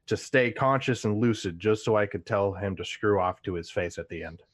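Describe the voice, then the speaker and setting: A male player in a tabletop game talks casually and describes his character's actions in a measured way. His voice is deep and husky. He speaks calmly and evenly. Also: no echo, studio quality.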